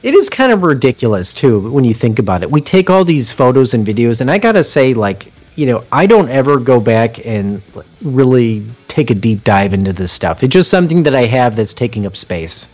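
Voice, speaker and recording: A young man co-hosting a casual podcast, joking and cursing in lively banter. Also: medium pitch, brisk, few pauses. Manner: animated, profane, joking banter. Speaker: podcast co-host.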